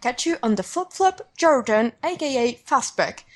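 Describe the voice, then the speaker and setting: An eager thirty-something London fan as a woman puts on a wobbly British accent reads an email aloud. The voice is fairly high and breathy, with lively leaps up and down in pitch. The delivery is playful and bouncy. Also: normal speed. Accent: attempted British. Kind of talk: reading a listener email aloud.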